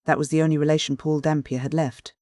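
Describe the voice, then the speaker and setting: An audiobook reader narrating a classic novel in a measured, even manner. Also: mid-range voice, no room sound, studio quality.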